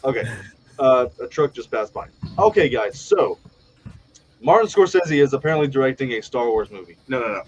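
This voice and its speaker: A man hosting a live online chat show, blunt and profane, riffing fast with strong opinions. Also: mid-range voice, lively intonation, a little mellow, muffled recording. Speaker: podcast host. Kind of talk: casual live panel chat.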